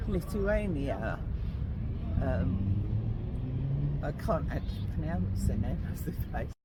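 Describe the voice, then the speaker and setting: A man talks casually to the camera while out on a tour, relaxed and a little wry. He speaks slowly with a lively pitch, from some way off the mic, and loud outdoor noise sits behind him. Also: distant mic. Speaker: vlogger. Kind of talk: casual on-location vlog talk.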